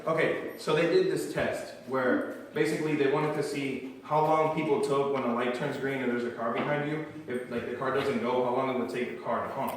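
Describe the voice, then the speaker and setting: A man's voice: mid-range voice, steady tone, fairly quick, recorded from a distance. A man doing a stand-up comedy set, chatty and self-deprecating, often laughing at his own jokes. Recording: very echoey room from afar, faint noise.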